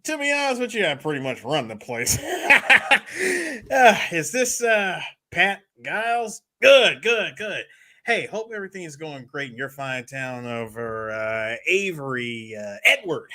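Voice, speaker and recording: A man's voice: fairly high pitch, big pitch swings, sharp tone, heavily acted. A man doing an impression of an overeager male campaign volunteer who rambles and chuckles through a cold call. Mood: eager rambling. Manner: fast, fawning, rambling, chuckling between lines. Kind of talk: film quote impression.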